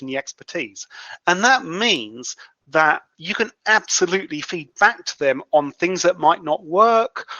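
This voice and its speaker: A guest freelance writer gives long explanations in a podcast interview, frequently restarting his sentences. His voice is fairly high, pushed and bright, captured without echo but with a dull, lo-fi sound.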